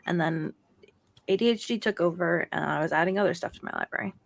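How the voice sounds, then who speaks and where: A woman's voice: lowish voice, fast, creaky, a little hiss or hum. Chatty woman podcast co-host. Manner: chatty, laughs often, trails off searching for names. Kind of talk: casual chat.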